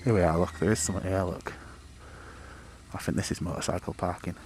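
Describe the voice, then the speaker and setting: A man's voice: low voice, steady tone, fast, darkish tone, slight background noise. A man giving rambling, sweary commentary while riding a motorbike outdoors, picked up on a helmet or bike-mounted mic. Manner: rambling, sweary, self-mocking. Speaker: motorcycle vlogger.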